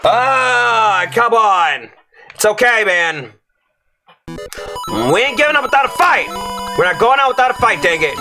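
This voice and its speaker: A young man commentating his platform gameplay, ranting and yelling at the game as he fails levels. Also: extremely high pitch, sing-song, unhurried, over music. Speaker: streamer playing a platform game.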